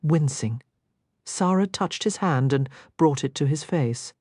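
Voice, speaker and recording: A woman narrating a romance audiobook with expressive reading, recorded dry and close. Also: low voice, unhurried, slightly rough, dry recording. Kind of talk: scripted narration.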